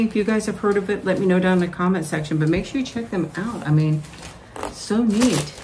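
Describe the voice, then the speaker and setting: A woman vlogger opening fan mail, gushing and excited as she talks straight to her viewers. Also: on the low side, slight background noise. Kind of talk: casual mail-opening vlog.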